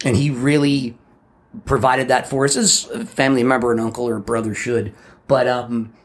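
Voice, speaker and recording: 50s guy on a podcast, gravelly voice, spins stories and does the voices. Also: medium pitch, normal speed. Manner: animated storyteller who acts out voices and laughs along. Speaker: podcast co-host. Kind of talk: casual chat, telling personal stories.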